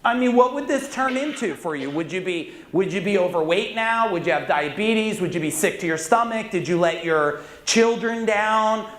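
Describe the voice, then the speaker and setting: A man giving a live motivational stage talk to an audience, intense and commanding, calling for shouted answers. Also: high voice, expressive, moderate pace, hardly any pauses. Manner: intense, commanding, leads audience call-and-response. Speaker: motivational speaker. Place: large conference hall with audience. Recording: echoey hall.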